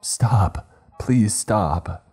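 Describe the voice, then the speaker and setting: A man's voice: low-pitched, level tone, unhurried, dark tone, breathy edge, soft background music, full character voice. A man voicing a frightened young man pleading for the voice to stop. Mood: desperate. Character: terrified young man begging.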